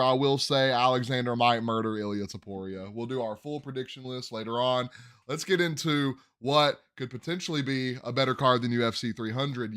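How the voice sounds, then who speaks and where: A man hosts a casual sports podcast, rambling loosely and stumbling over difficult fighter names as he reads them. His voice is mid-range with a fairly bright tone.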